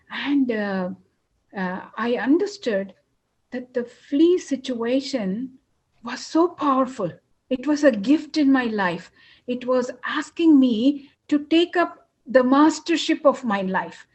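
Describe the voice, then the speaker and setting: A woman guest in an interview, telling a personal story earnestly and emotionally, pausing often with fillers. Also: high voice.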